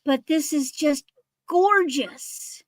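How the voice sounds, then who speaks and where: A woman's voice: high voice, takes it slowly, fairly bright tone, dry recording. A woman hosting a live vintage sale, gushing over jewelry details. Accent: American. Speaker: online vintage seller. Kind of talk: live sale show chat.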